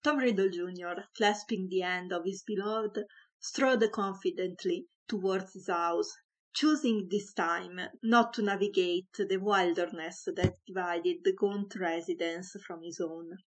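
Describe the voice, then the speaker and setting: A woman's voice: fairly low pitch, a little slow. A woman reading a comic story aloud, with a wry, mock-dramatic narration.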